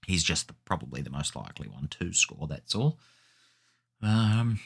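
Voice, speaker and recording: A man's voice: sits low, animated, moderate pace, fairly bright tone. A man hosting a gaming video, giving chatty, rambling commentary that often corrects itself. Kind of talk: casual gameplay commentary.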